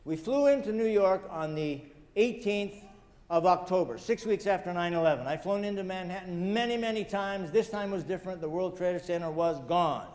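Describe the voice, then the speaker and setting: High-voiced man lecturing in a big hall. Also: normal speed, darkish tone. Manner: joking asides, chuckles at own jokes; addresses audience directly, emphatic. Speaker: guest speaker. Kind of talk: motivational lecture with personal stories.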